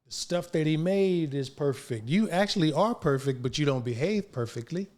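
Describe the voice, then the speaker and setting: Pitched on the higher side and moving at a moderate pace, this older guest actor spins stories in a relaxed interview. He's lively and slangy, performing the dialogue of everyone he quotes.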